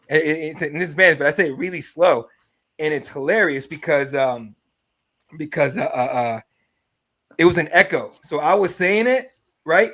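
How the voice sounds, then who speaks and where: A young man co-hosting a podcast, telling stories in a casual, excited and profane way. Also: on the high side. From Mexico. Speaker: podcast co-host.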